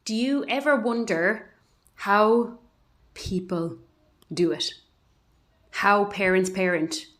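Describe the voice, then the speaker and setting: A woman's voice: mid-range voice, slow, pauses often, a bit bright, dry recording, faint music behind. A woman from Ireland co-hosting a podcast, speaking frankly and reflectively about her own struggles, sometimes swearing. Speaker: podcast co-host. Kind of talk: candid personal monologue.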